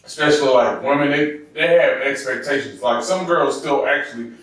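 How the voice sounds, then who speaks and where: A man co-hosting a group podcast, sharing his own stories in an earnest, repetitive way. His voice sits at a middle pitch. He talks from a distance in a very echoey room. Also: a little fast, fairly bright tone. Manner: earnest, storytelling, repeats words. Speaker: podcast co-host. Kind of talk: casual group chat. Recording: echoey room from far off the mic.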